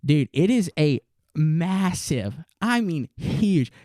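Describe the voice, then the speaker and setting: Animated young man telling a story. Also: on the high side, slow pace, dry recording, clean studio sound. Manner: animated storyteller, says "dude" and "like" a lot. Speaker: podcast co-host. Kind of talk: casual chat, storytelling.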